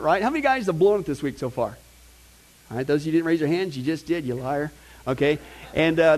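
A middle-aged man preaching and teaching in a conversational, animated way, with asides to the congregation. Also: a little high, moderate pace. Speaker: pastor teaching a Bible class. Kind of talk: sermon.

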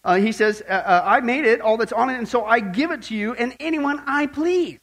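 A man's voice: very high voice, fairly quick, fairly bright tone. A man preaching a sermon, reading scripture and asking the audience questions, with jokes and emphatic asides. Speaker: pastor.

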